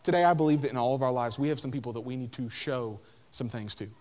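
A young male pastor with a medium-pitched, darkish voice talks fast in a casual, conversational sermon. He says "like" constantly and acts out the voices of Bible figures in the story.

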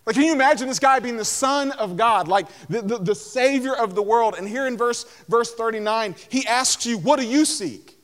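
A man's voice: extremely high pitch, normal speed, hardly any pauses, a bit bright. A young man preaching a casual sermon, filling his talk with "like" and acting out the people in the story. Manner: conversational, lots of "like", acts out voices of Bible figures. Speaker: pastor.

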